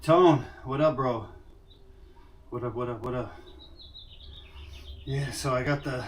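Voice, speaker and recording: A man's voice: medium pitch, steady tone, unhurried, long pauses. A man chatting casually to viewers on a live stream, rambling and greeting them by name, a bit out of breath. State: out of breath after push-ups. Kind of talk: casual IRL livestream chat. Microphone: camera mic without lapel mics. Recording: distant mic with faint noise.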